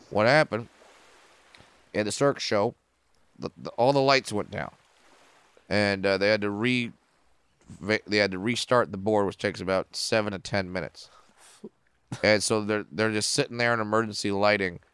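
A man who is a comedian and a podcast guest, telling stories in a casual, profane and animated way. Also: lowish voice, clear, resonant tone, dry recording.

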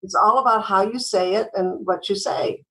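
Brisk woman giving customer service tips. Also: mid-range voice, a bit bright, low-quality recording. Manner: brisk, instructive, acts out sample phone calls. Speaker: guest, customer service trainer. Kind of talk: podcast interview.

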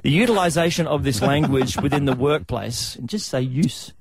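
A man's voice: mid-range voice, normal speed, breathy edge, no room sound, studio quality. An Australian man hosting a radio show, chatty and laughing as he throws questions to his co-hosts. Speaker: radio host. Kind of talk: radio banter.

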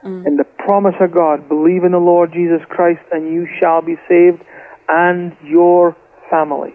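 High-voiced Scottish man over a tinny phone line. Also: level tone, moderate pace. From Scotland. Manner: fervent, repeats words while telling the story. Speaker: guest preacher. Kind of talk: impassioned testimony storytelling.

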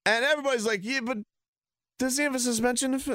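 A man's voice: very high voice, fairly quick, fairly bright tone, dry recording. A man ranting heatedly and sarcastically as a sports talk host.

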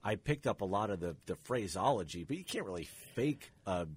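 A man's voice: fairly low pitch, lively intonation, a little fast, slightly rough. A man co-hosting a radio talk show, reading listener texts aloud and adding short reactions.

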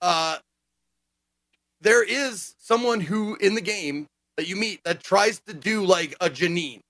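An animated, foul-mouthed man in casual chat, acting out quotes as he goes. His voice sits high and bright. The sound is dry and close. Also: slow pace, no room sound. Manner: animated, profane, acts out quotes. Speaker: gaming podcast co-host.

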